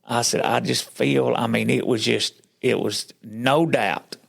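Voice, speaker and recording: A man's voice: medium pitch, fairly even intonation, unhurried, vocal fry, fairly bright tone. A man as a podcast guest, telling his faith story in casual chat like a folksy storyteller who acts out what other people said.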